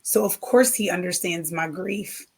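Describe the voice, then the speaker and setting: A woman speaking as a podcast guest, gentle and reflective, in a measured faith-based conversation. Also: lowish voice.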